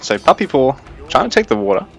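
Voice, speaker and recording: A young man giving casual, chatty game commentary, thinking aloud in a fairly even delivery. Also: medium pitch, fast talker, soft background music. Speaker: esports caster.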